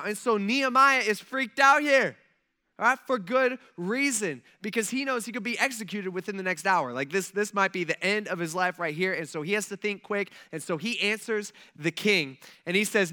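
Bright-voiced casual preacher. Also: male voice, sits high, a little fast. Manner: conversational, frequent asides to listeners. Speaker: pastor. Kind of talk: casual sermon.

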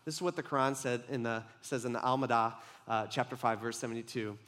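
A man's voice: medium pitch, steady tone, quick pace, a bit bright. A young adult man preaching a casual, conversational sermon, tossing in "like" and "right?" as he talks to a congregation.

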